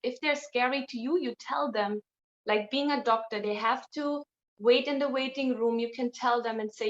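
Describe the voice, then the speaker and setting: A woman's voice: on the high side, moderate pace. A woman speaking as an interview guest, blunt and outspoken in casual conversation. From Germany. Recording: dull lo-fi sound.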